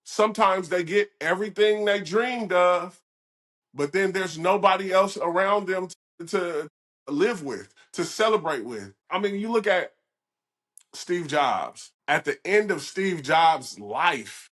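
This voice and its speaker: Slow, reflective podcast host, a man. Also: high voice, expressive, fairly bright tone. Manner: measured, reflective commentary with frequent affirmations. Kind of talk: casual interview chat.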